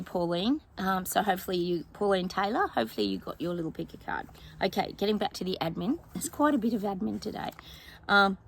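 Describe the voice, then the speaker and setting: A woman's voice: on the low side, slight background noise, rough recording. An Australian woman vlogging outdoors in her yard, casually chatting with her viewers as a psychic, rambling and calling them "guys".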